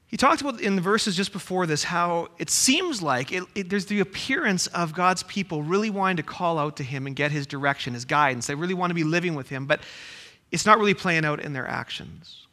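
Brief: male pastor with a high voice, preaching and asking rhetorical questions. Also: lively intonation, normal speed, pushed and bright. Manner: reads scripture, then explains with rhetorical questions. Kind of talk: sermon.

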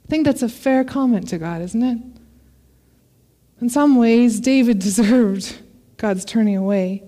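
Female preacher, high voice, expressive scripture reading, parent. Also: a little slow. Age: adult parent. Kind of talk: sermon.

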